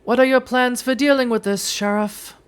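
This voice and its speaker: Woman doing a haughty vampire ruler, high and imperious. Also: steady tone, moderate pace, clean tone, close to an everyday voice.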